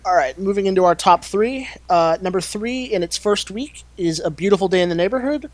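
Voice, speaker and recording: A man's voice: high voice, expressive, fairly quick, dry recording. A man co-hosting a podcast in easygoing casual chat, reading out box office rankings. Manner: easygoing, reads figures out.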